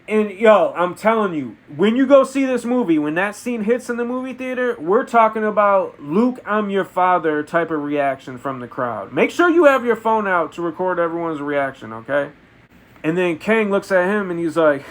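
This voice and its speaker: A man reviewing a film in a comedic, deadpan way, retelling absurd story events. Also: high voice, moderate pace. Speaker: movie reviewer. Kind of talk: comedic spoken movie review.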